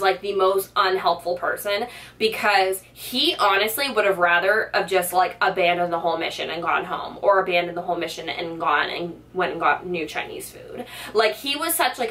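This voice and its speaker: A young woman vlogger telling a storytime tale in a lively way, full of "like" fillers, acting out what people said. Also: mid-range voice, distant mic. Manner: animated storytelling, many "like" fillers, acts out quotes. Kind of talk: storytime vlog.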